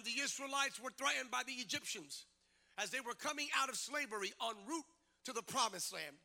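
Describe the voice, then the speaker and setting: A male preacher delivering a sermon to a congregation in church, using rhythmic repetition that builds to shouted climaxes. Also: very high voice, creaky. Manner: energetic, animated. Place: church service before a congregation.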